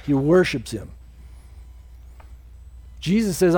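A man preaching a sermon as pastor and leading a closing prayer in a church, earnest, acting out quoted speakers in a higher voice. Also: sing-song, a little slow, a little mellow.

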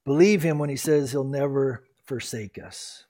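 A pastor preaching a sermon in an earnest, exhorting, emphatic way. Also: male voice, mid-range voice, normal speed, dark tone.

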